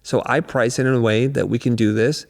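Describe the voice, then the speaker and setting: A man being interviewed, telling stories from his business in a lively way and acting out the voices of clients and staff. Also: fairly quick, vocal fry, big-room sound. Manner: animated, acts out quoted dialogue with jumps in pitch. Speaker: creative business coach and guest. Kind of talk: conversational interview storytelling.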